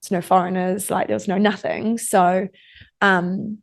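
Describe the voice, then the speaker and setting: A woman's voice: medium pitch, level tone, measured pace, vocal fry. A young woman, an interview guest chatting casually and acting out old conversations as she tells stories. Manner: chatty storyteller, lots of "like", acts out quoted exchanges.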